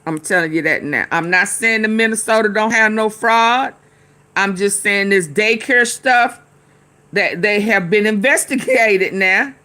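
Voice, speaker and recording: A woman's voice: medium pitch, a little slow, sharp tone. A woman, commenting heatedly on a news clip and calling out her chat. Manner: heated, talks back to the screen and commenters. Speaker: commentary streamer. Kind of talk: casual reaction commentary.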